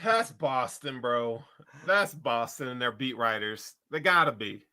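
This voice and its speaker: A man co-hosting a casual sports podcast, with loud, joking, slangy banter. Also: mid-range voice, expressive, measured pace. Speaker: podcast co-host.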